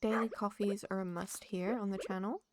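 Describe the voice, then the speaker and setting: A woman chats casually on a live-stream as she plays a farming game, addressing her viewers and the game and laughing frequently. Her steady, medium-pitched voice moves at a moderate pace over a noisy background.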